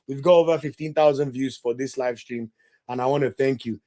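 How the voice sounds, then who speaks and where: A man's voice: mid-range voice, a little fast. A young man hosting a football podcast livestream, reading viewer comments and ranting with indignant energy. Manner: animated, indignant, ranting with laughs. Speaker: podcast host.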